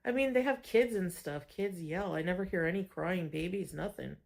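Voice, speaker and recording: A woman streaming from home, chatting casually and breaking into high baby talk now and then. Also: moderate pace, creaky, darkish tone. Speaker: livestreamer. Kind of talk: casual livestream chat.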